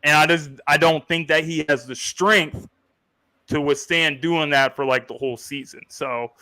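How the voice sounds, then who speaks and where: A man's voice: fairly high pitch, steady tone, moderate pace, bright, forceful tone, no room sound. A man hosting a casual sports podcast, blunt and joking, and talking to viewers in the chat. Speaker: podcast host.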